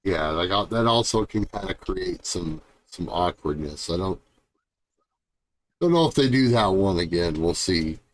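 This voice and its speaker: A man hosting a wrestling podcast in casual chat, laid-back and unhurried as he runs through the news. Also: deep voice, expressive. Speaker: podcast host.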